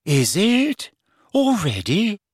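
A man's voice: sits high, huge pitch swings, slow, husky, no room sound, studio quality, pitched above the performer's own voice, heavily acted. A man reading an audiobook, voicing a dreamy, vague teenage girl with an airy manner. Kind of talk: audiobook character voice.

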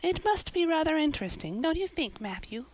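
A woman's voice: high voice, big pitch swings, a little fast, a little mellow, no echo, pitched above the performer's own voice, poor audio. A woman voicing a chatty, imaginative young girl in a story reading, talking eagerly in long run-on sentences. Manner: eager, run-on, wordy talk.

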